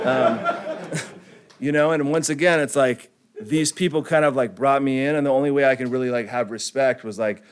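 A young man from California, United States, shares his recovery story with a group in a laid-back, slangy manner, heavy on "like" and "you know" and chuckling often. His voice is an ordinary male pitch at normal speed, with a little hiss or hum.

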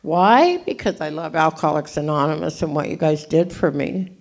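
A woman in her seventies from California gives an animated, jokey, self-deprecating storytelling talk as a recovery meeting speaker. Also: low voice, a little fast, gravelly. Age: 70s.

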